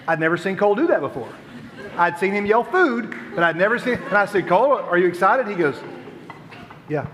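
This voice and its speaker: Animated bright-voiced male youth host. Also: sits high, brisk, a little hiss or hum. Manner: jokey and animated, laughs often. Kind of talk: playful stage banter with a crowd. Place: large hall with audience. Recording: long hall reverb.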